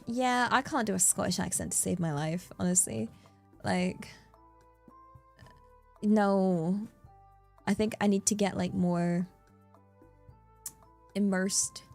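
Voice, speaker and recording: Rambling playful woman streamer. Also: medium pitch. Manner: rambling and playful, with fillers and bursts of excitement. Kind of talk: casual livestream chat. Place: in Japan.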